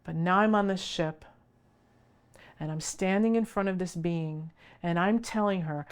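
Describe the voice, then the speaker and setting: A woman slowly recounting her own experience in a deliberate, present-tense way. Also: fairly low pitch, clear, resonant tone. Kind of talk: recounted personal narrative.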